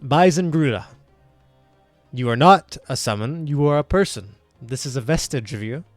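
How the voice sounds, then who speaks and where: A man voicing a stern male interrogator at a devil court, questioning in a formal, measured way. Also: mid-range voice, expressive, dry recording, soft background music, natural voice.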